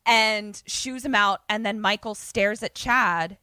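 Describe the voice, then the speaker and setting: A young woman co-hosting a podcast, casually recapping a movie in animated fashion, acting out the characters' lines and swearing freely. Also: mid-range voice, slow, clear, resonant tone, no echo, studio quality. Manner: animated storytelling with quoted voices, frequent swearing. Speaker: podcast co-host.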